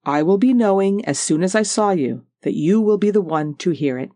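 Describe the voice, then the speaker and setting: Proud old Highland widow, Scottish Highland accent, rich and powerful, stately lilting delivery, as an audiobook narrator puts her on; dry close recording. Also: lively intonation, moderate pace, mellow, no echo, close to an everyday voice. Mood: firm. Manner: stately, lilting, repeats "oh yes".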